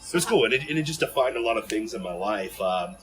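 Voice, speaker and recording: A man from Ohio telling stories as a podcast guest in an animated, rambling way full of fillers and restarts. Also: on the low side, quick pace, slight background noise, poor audio. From Ohio, USA. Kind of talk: casual storytelling in an interview.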